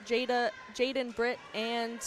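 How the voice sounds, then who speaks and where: A woman's voice: a little high, level tone, slow. A woman calling a volleyball game play by play, naming each server and point as it happens. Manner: plain, calls serves and points by player number and name. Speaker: play-by-play commentator. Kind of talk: live volleyball commentary. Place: indoor gym. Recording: commentary over loud gym crowd and noise.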